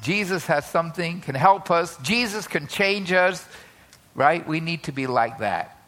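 A man preaching a sermon in a bright, clear voice that sits high for a man. His delivery is conversational, full of asides and quick tag questions to the listeners. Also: animated.

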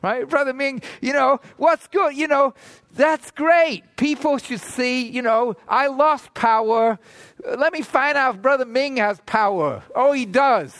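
A man's voice: very high voice, measured pace, fairly bright tone, dry recording, clean studio sound. A man preaching a conversational sermon to his congregation, asking rhetorical questions and adding frequent "right?" asides. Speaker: pastor. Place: church hall in Toronto.

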